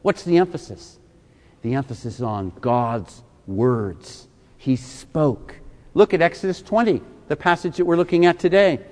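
A man in his fifties delivers a sermon with emphatic conviction, pressing his points through repeated rhetorical questions. His voice sits a little high for a man. It rings out with the long reverb of a large church hall. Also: animated, unhurried, darkish tone. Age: 50s. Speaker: pastor.

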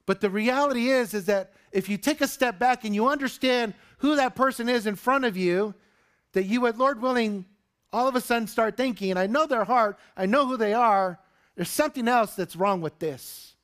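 A man's voice: very high-pitched, moderate pace. A male pastor preaching a sermon to his congregation, telling a story and acting out the voices in it. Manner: animated storytelling, acts out quotes. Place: church sanctuary with congregation.

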